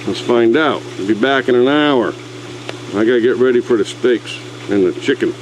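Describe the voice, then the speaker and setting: A man's voice: medium pitch, moderate pace, noisy background. An older man narrating a casual do-it-yourself pool repair outdoors, grumbling and talking to himself as he works. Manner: folksy, grumbling, talks to himself while working. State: out of breath at times. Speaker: DIY video host. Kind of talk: casual how-to vlog narration.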